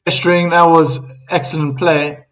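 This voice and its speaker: A man commentating a tennis match on a live stream, in a chatty, loose play-by-play. His voice sits a bit high for a man, and he breaks off to read and answer viewer comments. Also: level tone, normal speed, a bit bright, poor audio. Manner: chatty, reads viewer comments aloud, laughs easily.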